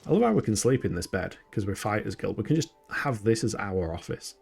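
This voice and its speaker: Brisk and sing-song, this fairly low, creaky voice has a darkish tone and a breathy edge, with faint music behind it. The speaker is a man from the UK with a northern English accent, casually narrating his game stream, chatty, self-deprecating and quick to laugh.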